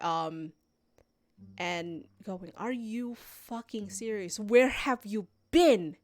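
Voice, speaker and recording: A woman streamer, game master, narrating a tabletop game on a live stream, halting with many fillers. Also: medium pitch, clear, resonant tone, no echo.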